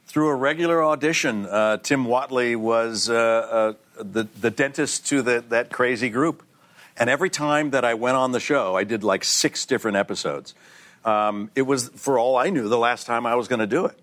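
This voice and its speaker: Animated middle-aged man telling a story. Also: mid-range voice, moderate pace. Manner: lively storyteller, acts out voices, laughs often. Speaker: guest actor. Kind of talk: talk show anecdote. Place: TV talk show studio.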